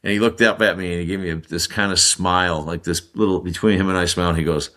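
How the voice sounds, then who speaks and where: A man's voice: sits low, quick pace. A man in his sixties from the United States, a guest on a podcast, telling a long story and acting out the people in it. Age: 60s. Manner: animated, acts out the people in his stories. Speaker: guest, former Olympic hockey player.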